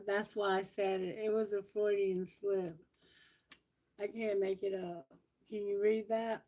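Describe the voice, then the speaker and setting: A woman's voice: mid-range voice, little pitch movement, measured pace, warm tone, low-quality recording. A woman giving a live tarot reading, chatting casually and correcting herself as she goes. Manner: chatty, self-correcting, reads lyrics and prayers aloud. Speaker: tarot reader. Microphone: phone.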